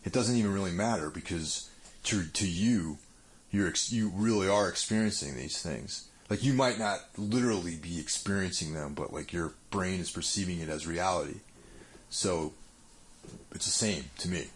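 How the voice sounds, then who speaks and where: A man's voice: sits low, normal speed. A man musing casually on a podcast, talking through an idea with many fillers. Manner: musing, filler-heavy, philosophical.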